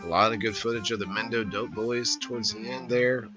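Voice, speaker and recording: A man's voice: on the low side, a little fast, over loud music. A man hosting a casual livestream, rambling in an easygoing way and greeting viewers by name. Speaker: livestream host.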